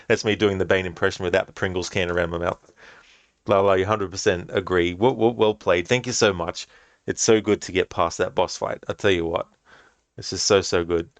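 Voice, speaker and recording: A male game streamer with a very low voice talks with chat in an easygoing, chatty way and laughs often between remarks. He is close on a desk mic in a dry, dead room. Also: steady tone, brisk, dry recording. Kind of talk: live-stream commentary reading chat.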